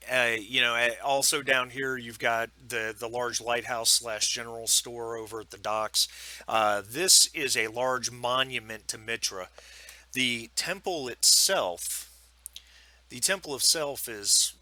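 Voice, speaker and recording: A man's voice: lowish voice, sharp tone, no room sound. A man narrating as game master for a tabletop role-playing game, rambling with many ums and restarts.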